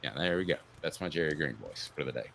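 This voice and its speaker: A man hosting a casual sports talk show, sarcastic and animated. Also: extremely low pitch, fast, gravelly. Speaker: sports radio host.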